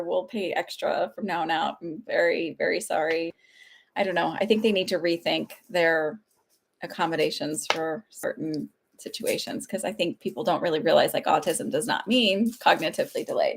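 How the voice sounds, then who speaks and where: A woman in her thirties, a psychic medium chatting casually on a livestream, rambling and laughing often. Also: fairly low pitch. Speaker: psychic medium hosting live readings.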